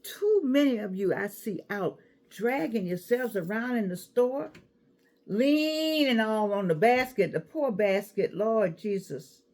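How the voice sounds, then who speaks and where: An older woman talks straight to her viewers, sassy and full of asides. Her voice sits a little high and leaps up and down with great animation. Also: lively intonation, unhurried, darkish tone. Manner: chatty, sassy, digressive, laughs easily. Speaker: vlogger giving life advice. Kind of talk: casual chat to camera.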